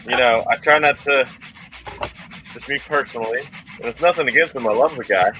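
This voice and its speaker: A man of medium pitch with a bright, clear tone talks earnestly and circles back over his own words as he explains. The conversation is relaxed, with faint noise underneath. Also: a little fast, highs cut off. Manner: earnest, repeats himself while explaining. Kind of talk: casual chat.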